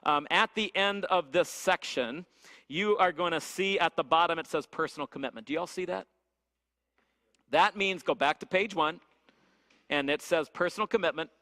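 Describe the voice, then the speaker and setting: Speaking at a moderate pace with a slightly high, sharp voice, a man runs a church leadership teaching session. He energetically shares stories and poses questions to the audience, and the church hall recording rings with long reverb.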